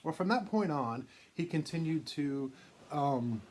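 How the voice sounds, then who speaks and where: A man's voice: a little high, animated, measured pace, a little mellow, a little hiss or hum. A man hosting his own channel, casually telling a long personal story with many fillers and restarts. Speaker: vintage card collector and channel host.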